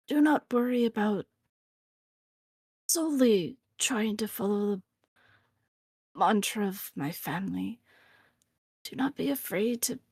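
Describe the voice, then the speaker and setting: A woman player voicing an earnest mentor character, speaking slowly and half whispering. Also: medium pitch, husky, dry recording, studio quality, full character voice. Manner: slow, hushed, partly whispered.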